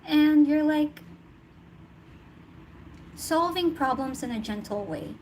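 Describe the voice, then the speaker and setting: Slow-talking woman reading tarot. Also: high-pitched, lively intonation, darkish tone, low-quality recording. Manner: chatty, laughs often, thinks aloud. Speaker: tarot reader. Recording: noticeable background noise.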